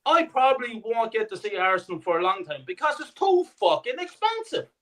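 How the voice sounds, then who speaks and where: A man's voice: very high voice, sing-song, a little fast, a bit bright, rough recording. A man talking as a guest on a fan podcast, indignant and sweary, with emphatic points. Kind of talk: podcast discussion.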